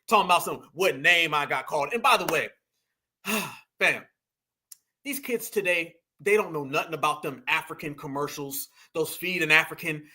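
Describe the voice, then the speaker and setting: A man's voice: on the high side, normal speed, pushed and bright, husky. A middle-aged man, delivering a heated, preachy commentary rant and calling his listeners "fam". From United States. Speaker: online commentator.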